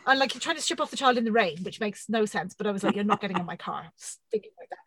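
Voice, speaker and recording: A woman in her thirties telling a funny story on a podcast, animated and self-mocking, swearing often. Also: on the high side, racing, a little hiss or hum, rough recording. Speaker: podcast co-host. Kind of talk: casual storytelling chat.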